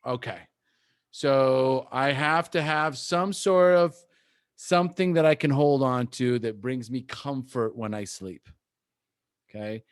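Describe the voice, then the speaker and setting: A man coaching a recovery group, talking gently and softly demonstrating soothing self-talk. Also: medium pitch, smooth.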